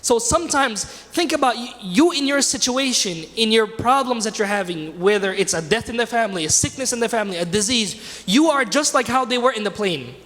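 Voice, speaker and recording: A man's voice: sits high, lively intonation, a little fast, hardly any pauses, fairly bright tone. A man teaching a religious class in a mosque, telling a story and asking his class questions in a conversational way. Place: mosque hall. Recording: reverberant hall.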